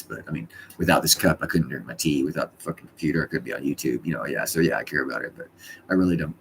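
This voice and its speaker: A man's voice: rumbling low, slight background noise. A middle-aged man hosting his own live stream from home, chatting casually in a rambling, blunt and profane way.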